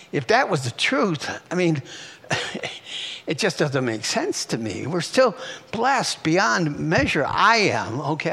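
A man's voice: fairly high pitch, gravelly, fairly bright tone, husky, in a large hall. An older man preaching a sermon, exclaiming and puffing out whews and chuckles between phrases.

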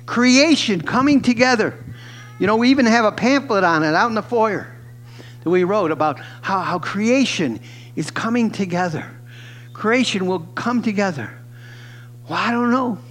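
Older male pastor, high voice, exuberant preaching, faint hum in the room. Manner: exuberant, excitable preaching with shouts and laughs. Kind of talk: sermon. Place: church sanctuary.

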